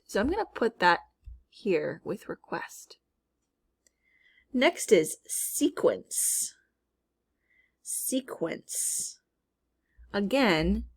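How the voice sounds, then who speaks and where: A woman teacher leading a recorded spelling lesson, slowly repeating each word and sounding out its parts. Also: on the low side.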